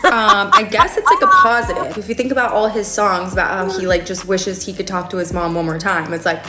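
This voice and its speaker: A woman's voice: mid-range voice, fairly quick, loud music behind the voice. An American woman telling a personal story in casual chat, candid and wry, with many filler words. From United States. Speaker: storyteller on a podcast.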